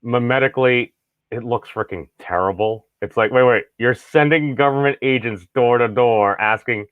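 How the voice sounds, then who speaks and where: A man's voice: medium pitch, moderate pace, dry recording. A man co-hosting a casual podcast, wry and often stammering on restarts. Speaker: podcast co-host. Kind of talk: casual political banter. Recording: dry, phone-like line.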